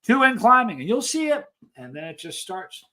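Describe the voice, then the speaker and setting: A man with a fairly high voice hosts a casual live stream. He rambles through stories and reads viewer messages aloud in an easygoing chat. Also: big pitch swings, moderate pace, sharp tone.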